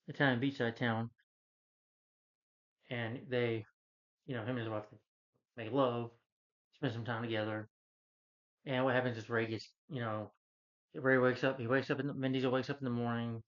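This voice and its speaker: Man, rambling movie rant, casual talk, acts out scenes, slightly dull lo-fi sound. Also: medium pitch. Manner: rambling, retells scenes acting out lines. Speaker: film reviewer.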